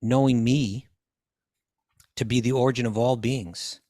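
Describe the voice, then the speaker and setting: A man's voice: medium pitch, steady tone, measured pace, dark tone, dry recording, studio quality. A man teaching scripture in a question-and-answer talk, quoting Sanskrit verses, translating them and often restarting his phrases.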